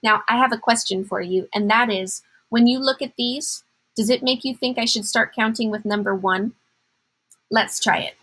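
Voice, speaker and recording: A woman's voice: fairly high pitch, normal speed, fairly bright tone, breathy edge, low-quality recording. A woman teacher giving a patient math lesson to young children, counting aloud in a sing-song way.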